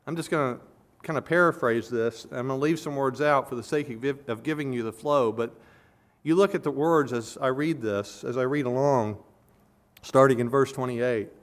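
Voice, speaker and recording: A man preaching an expository sermon as pastor, earnestly, swelling loud on key words and then dropping low. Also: moderate pace.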